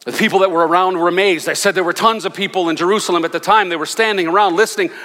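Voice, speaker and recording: A male senior pastor preaching a sermon with passion, swinging between loud, fervent declarations and hushed asides. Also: high voice, steady tone, racing, long reverb tail. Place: church sanctuary.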